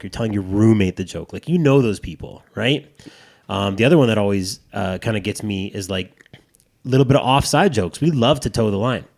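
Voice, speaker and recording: A man's voice: on the low side, vocal fry, darkish tone. A man chatting casually as a podcast host, rambling and swearing freely with lots of restarts. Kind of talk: casual chat.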